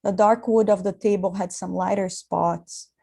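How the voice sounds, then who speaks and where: A woman reading literary prose aloud in a calm, measured way. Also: mid-range voice, vocal fry, slightly rough. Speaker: reader.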